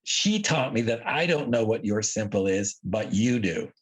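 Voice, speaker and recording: A man with a husky, slightly breathy voice speaks as an interview guest. He talks earnestly and reflectively, often repeating words for emphasis, in casual conversation. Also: fairly low pitch, lively intonation, unhurried. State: emotional. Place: at home, by a lawn near the ocean.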